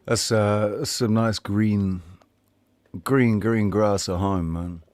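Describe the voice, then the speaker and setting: Man, stream host, low voice, dry close sound, rambling casual chat, swears. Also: steady tone, slow pace, a little mellow, no room sound.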